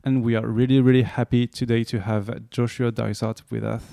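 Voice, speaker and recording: A French man hosting a casual podcast interview, speaking with a French accent and pausing often with fillers. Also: mid-range voice, flat delivery, vocal fry, warm tone, dry recording, clean studio sound. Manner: halting, frequent filler pauses. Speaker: podcast host.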